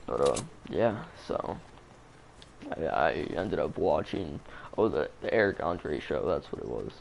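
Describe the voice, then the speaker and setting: A man's voice: rumbling low, very animated, unhurried, a little hiss or hum. A man telling a story in a casual, rambling way, swearing a lot and using plenty of fillers. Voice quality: creaky. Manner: rambling, profane, full of fillers.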